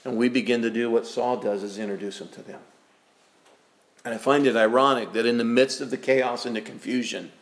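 A man preaching a sermon as pastor, emphatic, asking rhetorical questions and acting out the voices he quotes. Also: medium pitch.

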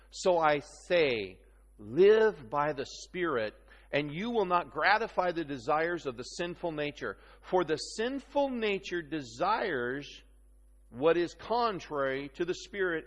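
A man preaches to a room in an easygoing, teasing way, often pausing to check that everyone follows. His voice sits a little high for a man. The sound carries a long hall reverb. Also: fairly bright tone. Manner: conversational, teasing, checks in with "okay?". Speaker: pastor. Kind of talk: sermon.

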